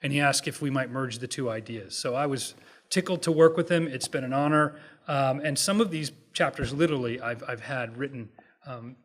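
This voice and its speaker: Middle-aged male speaker at a hotel event, easygoing and joking, halting restarts, mid-range voice. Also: medium pitch. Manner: relaxed, self-deprecating, halting restarts. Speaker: guest speaker, economist. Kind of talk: public lecture with jokes.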